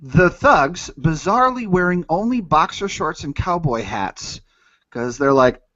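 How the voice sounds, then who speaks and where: A man's voice: a little high, sing-song, measured pace, bright, forceful tone, no room sound. Profane laughing man on a lo-fi podcast. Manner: profane, laughing, reads news aloud with jokes. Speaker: podcast co-host. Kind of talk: casual comedic chat. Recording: dull, dry lo-fi sound.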